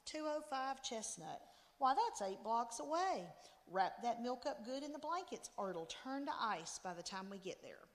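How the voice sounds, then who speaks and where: A woman's voice: a little high, sing-song, normal speed, in a large hall. A woman voicing an exasperated middle-aged father who grumbles as he gives in, in a story read aloud.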